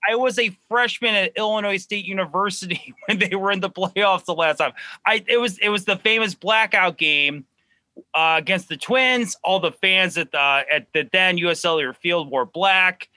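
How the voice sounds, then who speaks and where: A man, a guest on a sports chat show, talking fast and excitedly as a diehard fan, often restarting his words. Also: high-pitched, dry recording. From Chicago suburbs.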